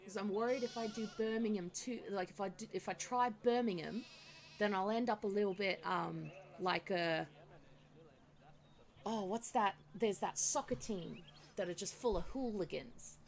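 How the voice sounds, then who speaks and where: A woman's voice: mid-range voice, normal speed. An Australian woman streaming a game, chatting casually with a giggly, self-mocking manner. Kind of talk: casual chat while playing.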